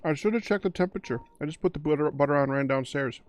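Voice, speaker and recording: Everyday man, relaxed and offhand, family dinner chat. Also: a little high, fast talker, slight background noise.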